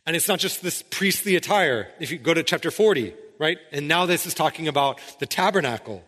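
A man's voice: a little high, expressive, brisk, fairly bright tone, big-room sound. A male pastor preaching a sermon, emphatic, often checking in with "right?". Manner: emphatic, keeps asking "right?".

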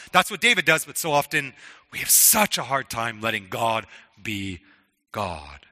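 A man's voice: fairly high pitch, expressive, normal speed, pushed and bright, long reverb tail. A man preaching a sermon in an earnest, conversational way, often restarting his words. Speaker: pastor.

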